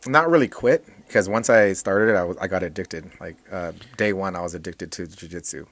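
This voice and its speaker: Deep-voiced man chatting casually. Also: brisk, dry recording. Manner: relaxed, rambling, many restarts and fillers. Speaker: jiu-jitsu instructor and guest. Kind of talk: casual podcast chat.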